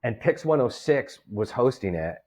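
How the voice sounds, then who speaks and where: A man's voice: mid-range voice, normal speed, husky. A man, telling a story in a casual interview and acting out the voices of the people in it. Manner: animated storyteller, acts out quoted voices. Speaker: guest comedian and promoter.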